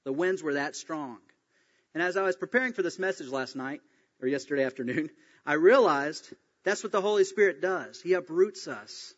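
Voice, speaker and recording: Animated preacher man in a reverberant hall. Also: a little high, moderate pace. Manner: animated storytelling, acts out quoted voices. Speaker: pastor. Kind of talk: sermon. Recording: dull sound, long reverb in a hall.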